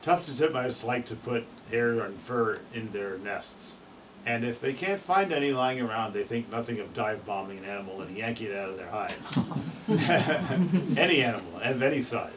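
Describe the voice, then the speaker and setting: A man talks through birdsong in an easygoing, enthusiastic way and now and then mimics a call. His voice sits at a middle pitch. He stands a little back from the mic, and steady noise runs under him. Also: normal speed, far from the mic. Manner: chatty, enthusiastic, imitates bird calls. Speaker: birding presenter. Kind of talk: informal talk on birdsong.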